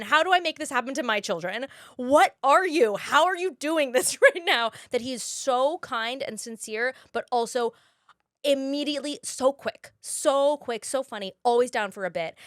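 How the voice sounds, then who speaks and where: A woman's voice: on the high side, no room sound, studio quality. A woman in her thirties, an actress guest, chatting animatedly on a podcast, laughing often and restarting her sentences. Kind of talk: casual podcast chat.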